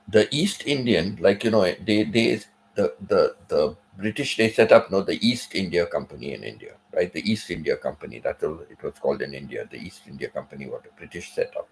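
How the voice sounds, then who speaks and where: A man's voice: low-pitched, expressive, brisk, gravelly, few pauses, a little hiss or hum, rough recording. A man hosting a channel, talking casually in a rambling way, with many asides and "you know" fillers. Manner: rambling, digressive, frequent "you know" and "right?". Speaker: channel host. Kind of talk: casual monologue.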